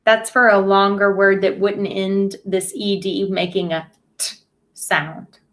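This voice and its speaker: A woman's voice: mid-range voice, level tone, slow, a bit bright. A woman teaching a phonics lesson to young children, speaking patiently and over-enunciating sounds.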